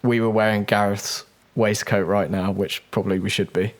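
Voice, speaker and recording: A man's voice: fairly low pitch, little pitch movement, normal speed. An English man co-hosting a football podcast, talking casually and decisively, reading out lists. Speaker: podcast co-host. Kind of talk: casual chat.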